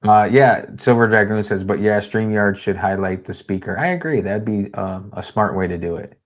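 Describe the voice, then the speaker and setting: A man's voice: fairly low pitch, moderate pace. A man hosting a casual livestream, talking in a loose, rambling way and reading viewer comments aloud. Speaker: host.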